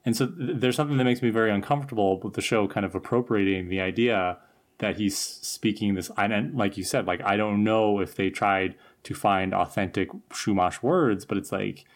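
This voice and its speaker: A man co-hosting a podcast, talking in a thoughtful, earnest casual way with some halting restarts. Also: on the low side, steady tone. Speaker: podcast co-host. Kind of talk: casual chat discussion.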